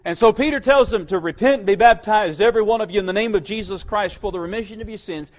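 Guy preaching a sermon, kinda high voice, gets loud then drops real quiet. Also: quick pace. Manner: dynamic, swinging from loud emphatic calls to low quiet lines.

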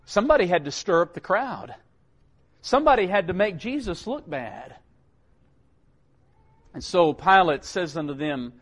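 A man preaching a sermon, swinging from loud emphatic calls down to low, quiet lines. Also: expressive, normal speed.

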